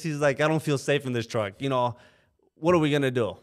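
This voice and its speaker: A man's voice: medium pitch, brisk. A man, a trucking company co-owner, telling stories in casual podcast talk, acting out quotes and often saying "you know". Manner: animated anecdote-telling, acts out quoted drivers, frequent "you know". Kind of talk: casual storytelling. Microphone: podcast microphone.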